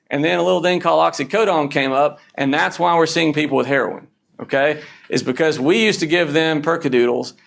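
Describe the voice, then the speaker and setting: A man's voice: on the high side, vocal fry. A man lecturing fellow emergency doctors in a blunt, punchy way, often checking in with "okay?". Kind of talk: conference lecture.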